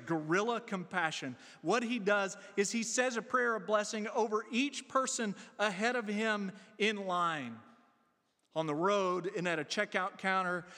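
Man, pastor preaching a sermon, earnest, slightly higher voice, long hall reverb. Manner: earnest, slows and softens on key phrases.

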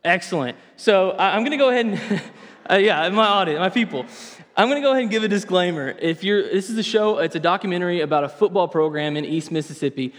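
A young man delivering a sermon lesson in a casual, animated, conversational way, often restarting his phrases. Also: high-pitched, quick pace. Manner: animated, conversational, self-correcting. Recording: reverberant hall sound.

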